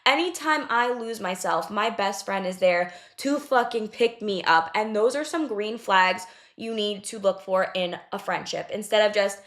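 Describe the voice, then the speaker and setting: A woman's voice: medium pitch, measured pace, few pauses, fairly bright tone. A young adult woman hosting a podcast, giving casual, blunt advice on friendship and swearing freely as she talks. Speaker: podcast host.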